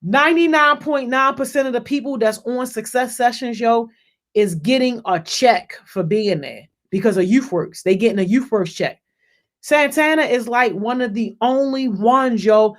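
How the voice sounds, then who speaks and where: An energetic youth leader talks loosely to the group, dropping "yo" into nearly every sentence and circling back over the same words. The voice sits at a middling pitch. It jumps up in pitch and volume when someone is called out by name. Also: normal speed. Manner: peppers speech with "yo", repeats and restarts phrases. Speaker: youth program leader hosting a group call. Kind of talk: casual shout-outs and encouragement.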